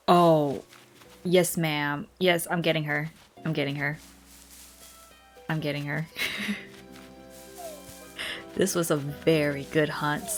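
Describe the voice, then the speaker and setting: A woman giving relaxed late-night gameplay commentary, rambling, chatting to the game's characters, and often apologizing with self-deprecating asides. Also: low-pitched, slow pace, pauses often. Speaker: gaming vlogger. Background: soft background music.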